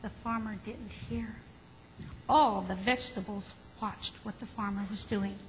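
A woman reading a children's story aloud, gently and expressively. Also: medium pitch, fairly even intonation, a little slow. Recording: hall with faint background noise.

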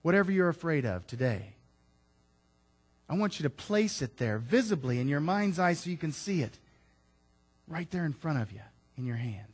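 A man preaching a sermon to his congregation, rising loud on key lines and dropping into casual asides to listeners. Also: fairly high pitch, big pitch swings, normal speed, pauses often, breathy edge. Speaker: pastor.

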